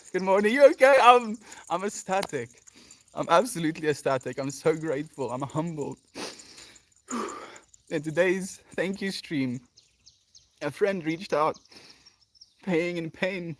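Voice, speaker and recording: A man hosting a daily livestream in an emotional, effusive chat, often sighing and laughing as he thanks viewers. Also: fairly high pitch. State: emotional, near tears. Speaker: livestream host.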